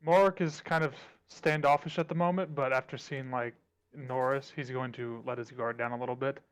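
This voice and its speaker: A man playing in a tabletop game, speaking for his character in a relaxed way. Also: mid-range voice, a little fast, clean tone, dull audio. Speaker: player.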